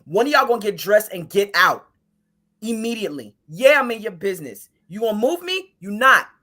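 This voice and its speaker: A woman from Brooklyn telling an animated story as a podcast guest, emphatic and blunt, acting out her own words. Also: medium pitch, fairly quick. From Brooklyn, New York. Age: adult with a child. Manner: emphatic, blunt, quotes herself in lively asides. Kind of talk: casual chat, animated storytelling.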